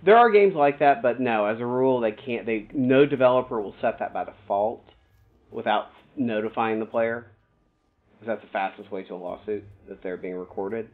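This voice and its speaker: A man's voice: medium pitch, normal speed. A man streaming a video game, chatting casually, thinking aloud and explaining things at length. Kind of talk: casual gameplay stream chat. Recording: tinny phone-like sound.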